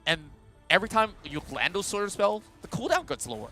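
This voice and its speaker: A man casting a mobile esports match live, talking in an animated, chatty play-by-play style with frequent fillers. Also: high voice, fairly quick, over music. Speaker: esports caster.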